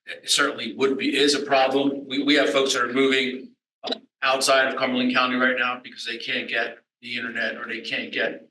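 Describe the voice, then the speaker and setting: Bright-toned man in an echoey hall. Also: medium pitch, slight background noise. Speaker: panelist. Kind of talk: panel discussion. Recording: echoey conference room.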